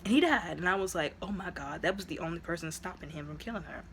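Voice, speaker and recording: A woman's voice: on the low side, fast, fairly bright tone, slight background noise. A woman reviewing a movie in a casual, chatty retelling, full of fillers, who acts out the characters' lines.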